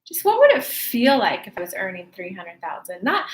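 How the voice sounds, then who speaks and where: Lively, chatty woman spiritual host. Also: medium pitch, normal speed, hardly any pauses, reverberant, rough recording. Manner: lively, chatty, speaks of herself by name. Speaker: spiritual channeler hosting a livestream. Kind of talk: animated channeled talk and storytelling.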